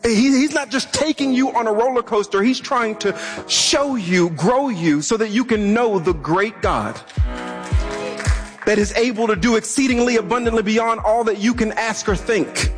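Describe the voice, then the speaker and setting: Man, pastor, sermon, impassioned, stammers into repeats, very high pitch. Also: moderate pace, faint music behind. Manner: impassioned, repeats words when pressing a point.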